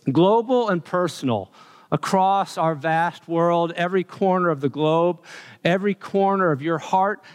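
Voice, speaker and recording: Male preacher, sermon delivery: slightly high, smooth, resonant voice, slow and emphatic, long church reverb. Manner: emphatic, builds repeated lists of phrases. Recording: long reverb of a large hall.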